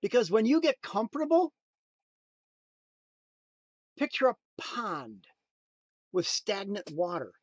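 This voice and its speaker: A man giving a motivational talk in a preachy, emphatic way, swinging between loud punchlines and quiet asides. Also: sits high, very animated, slow, long pauses, dry recording, highs cut off. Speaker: motivational speaker.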